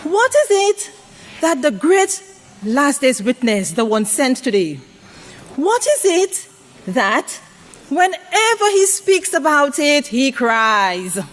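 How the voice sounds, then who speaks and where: High-voiced woman preaching a sermon. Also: very animated, slow. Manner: call-and-response questions to the congregation; varies pitch widely for emphasis. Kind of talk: sermon to a congregation.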